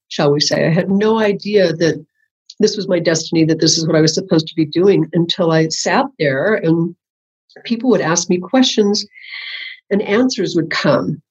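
Speaking in a lowish, husky voice, this older spiritual teacher tells a casual interviewer the story of how her work got started. She laughs frequently and plays out her thoughts from that time. The recording sounds muffled and lo-fi.

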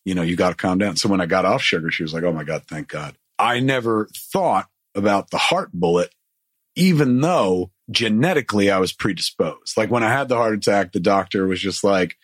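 A man's voice: fairly low pitch, lively intonation, fairly quick, breathy edge, no echo, clean studio sound. A man casually telling a long story with lots of swearing, acting out what people said. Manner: profane, rambling, acts out quotes.

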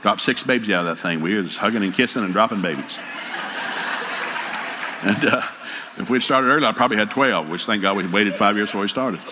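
A man's voice: fairly low pitch, fairly quick, long pauses, background noise. An older man giving a folksy, joking sermon as a preacher, telling stories with country humor. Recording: hall reverb, faint ambience.

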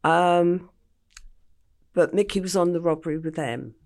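A woman's voice: lowish voice, a little slow, darkish tone. Older English woman telling a vivid story. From England. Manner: vivid storyteller, acts out quotes. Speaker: guest. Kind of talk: storytelling interview.

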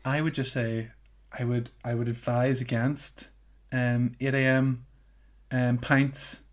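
A man's voice: medium pitch, flat delivery, takes it slowly. Hesitant young man. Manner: hesitant, many ums and restarts. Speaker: podcast co-host. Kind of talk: casual podcast chat.

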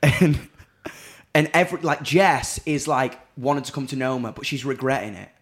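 Sweary British bloke telling a story. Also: male voice, medium pitch, moderate pace. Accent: British English. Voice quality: animated, swears freely, acts out dialogue. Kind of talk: casual chat, telling a funny anecdote.

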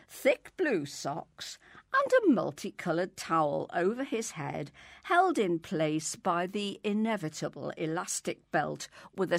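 A woman's voice: fairly low pitch, gravelly, no room sound, clean studio sound. A woman reading a story aloud expressively. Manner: expressive, does character voices. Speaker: reader.

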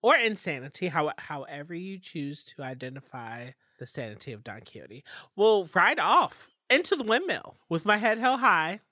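A woman co-host with a bright voice chats playfully. Her pitch moves around a lot and she spins whimsical tangents. The recording is dry and close to the mic. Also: big pitch swings, moderate pace, dry recording. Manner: playful, rambling, fanciful turns of phrase. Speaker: podcast co-host. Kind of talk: casual fan podcast chat.

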